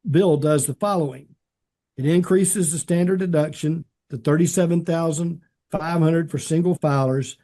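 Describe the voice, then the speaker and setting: Mellow, slightly high man explaining. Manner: explanatory, hesitant, many "uh" fillers. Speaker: podcast co-host. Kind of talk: conversational policy commentary.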